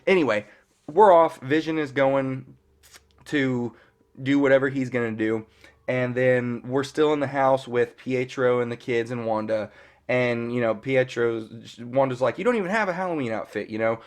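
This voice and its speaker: A man's voice: mid-range voice, fairly even intonation, a little slow, clear, resonant tone. A man in his thirties casually recapping a TV episode as a fan reviewer, rambling and filling his talk with "you know" and the odd curse word. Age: 30s. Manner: rambling, peppered with "you know" and mild cursing.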